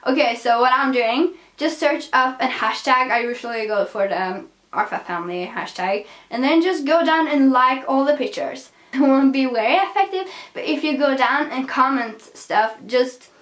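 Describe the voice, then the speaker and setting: A woman's voice: high voice, lively intonation, moderate pace, fairly bright tone. A young woman with a non-native accent, chatting in a casual vlog, hyper, giggly and rambling. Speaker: vlogger. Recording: echoey room.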